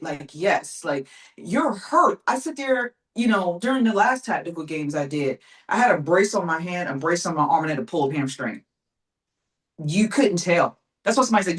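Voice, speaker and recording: A woman's voice: lowish voice, lively intonation, normal speed, rough recording. A woman in her forties, speaking in a determined, emphatic way, full of casual fillers, in an interview. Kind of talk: casual motivational talk.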